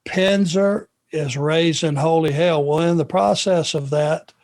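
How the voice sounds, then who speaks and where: A man from Georgia, co-hosting a podcast and telling a long anecdote in an unhurried, drawn-out way. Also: a little high, darkish tone. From Georgia, USA. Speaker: podcast co-host. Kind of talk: casual storytelling chat.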